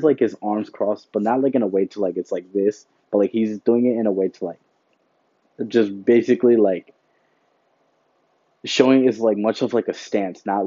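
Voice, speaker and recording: A man's voice: fairly low pitch, warm tone, slightly rough, no room sound. A man hosting a podcast, telling a work story in a rambling, casual way, full of fillers and "whatever, right?". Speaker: podcast host. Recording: dull lo-fi sound.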